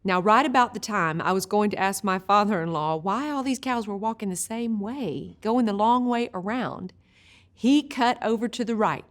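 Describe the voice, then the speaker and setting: A woman teaching a video Bible study, an expressive storyteller who slows down for vivid images. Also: mid-range voice.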